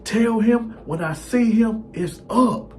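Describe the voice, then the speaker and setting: A man voicing an angry pregnant young woman who confronts her boyfriend, shrill and accusing. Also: takes it slowly, darkish tone. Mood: threatening.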